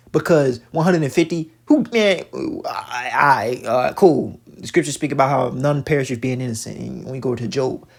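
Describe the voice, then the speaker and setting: A man's voice: mid-range voice, vocal fry. A man giving profane, preachy religious commentary while reacting to a video, talking emphatically with many stammered restarts.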